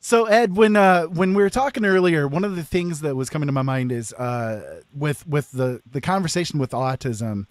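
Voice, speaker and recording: An upbeat male radio host who laughs often while bringing callers on air. His voice sits a little high and sounds dry and close, with no room around it. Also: moderate pace, few pauses, no echo. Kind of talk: casual radio talk show.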